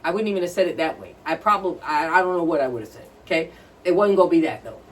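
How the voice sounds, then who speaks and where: Woman, husky voice, blunt and profane, ranting casual chat, podcast co-host, off-mic distant sound. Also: on the low side, very fast.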